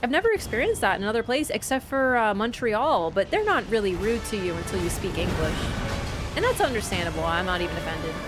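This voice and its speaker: A young woman streaming a game, chatting casually and telling travel stories with animated swings into quoted voices. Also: medium pitch, fast, music in the background. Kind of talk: casual chat while gaming.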